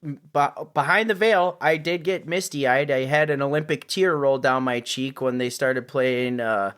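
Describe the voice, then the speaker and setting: A man co-hosting a podcast in casual chat, excitable, often laughing and restarting his words. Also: mid-range voice, a little slow, clean tone. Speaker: podcast co-host.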